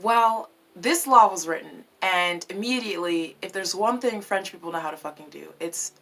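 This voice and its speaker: A woman vlogging in a casual, animated way, swearing freely and tossing in French words. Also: lowish voice, normal speed, gravelly. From United States. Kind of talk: casual opinion vlog.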